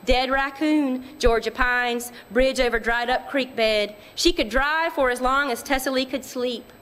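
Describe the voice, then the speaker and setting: A woman narrating literary fiction in a measured, quiet storytelling manner. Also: sits high. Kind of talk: audiobook reading of literary fiction.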